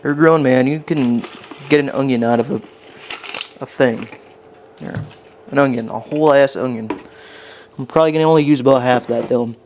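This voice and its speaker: Guy rambling to his stream chat while cooking in his kitchen, making fun of himself, average pitch. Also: moderate pace, long pauses, a little mellow, slight background noise. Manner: rambling, self-mocking, talks to chat. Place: home kitchen.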